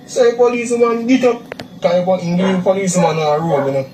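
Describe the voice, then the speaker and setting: A young man with a Jamaican Patois accent, giving a halting, repetitive eyewitness account, recorded in a distant, echoey, noisy clip. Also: high-pitched, a little mellow, faint music behind. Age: young adult. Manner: halting, repeats himself, acts out quotes. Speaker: witness interviewee.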